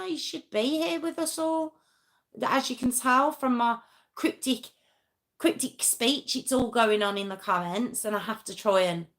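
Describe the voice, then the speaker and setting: A chatty true crime livestream host talks casually with viewers, answering comments as she goes and poking fun at herself, all with a sore arm. Her voice is mid-range and a bit bright.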